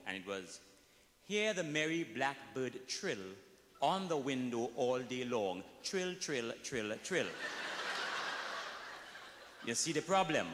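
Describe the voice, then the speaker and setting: A man's voice: mid-range voice, sharp tone, slight background noise. A man with a Trinidadian accent telling comic stories to a live audience, folksy, breaking into sung snatches. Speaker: comic storyteller. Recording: echoey hall recording.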